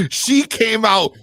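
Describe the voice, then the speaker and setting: A man's voice: high-pitched, dry recording. A man hosting a casual podcast, telling a story with lots of swearing and laughter. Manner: profane, laughing, animated storytelling. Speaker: podcast host.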